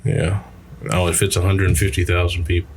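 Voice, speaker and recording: A man's voice: low-pitched, flat delivery, brisk, a little hiss or hum. A young man co-hosting a podcast, chatting casually, crude and joking with frequent laughter. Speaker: podcast co-host. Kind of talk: casual chat.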